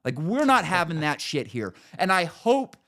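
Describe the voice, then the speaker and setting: A man's voice: on the high side, sing-song, normal speed, fairly bright tone. A man hosting a podcast, ranting in casual chat with an emphatic, profane manner. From United States. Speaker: podcast host.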